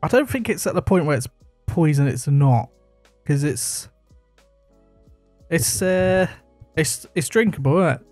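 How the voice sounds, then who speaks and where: A man's voice: on the high side, expressive, unhurried, pauses often, a little mellow, no room sound, soft background music. A man co-hosting a podcast in casual, joking chat, swearing freely and holding his mic in hand. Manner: swearing, joking, laid-back. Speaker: podcast co-host. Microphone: handheld mic.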